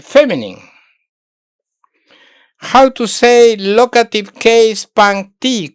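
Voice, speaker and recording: A woman teaching a Sanskrit lesson online, thinking aloud while she works on screen, halting and repeating words, often restating them in Spanish. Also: medium pitch, smooth, dry recording, clean studio sound.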